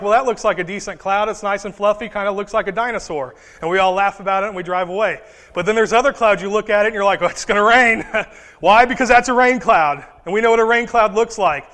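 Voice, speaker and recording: A young man preaching a sermon and telling a personal story, swinging between hushed and loud delivery. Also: sits high, long reverb tail.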